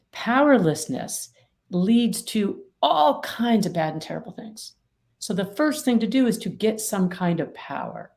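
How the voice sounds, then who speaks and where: A woman's voice: medium pitch, very animated, moderate pace, a little mellow. A middle-aged woman, an attorney mediator and author, explaining her ideas emphatically with vivid everyday examples in an interview. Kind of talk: interview conversation.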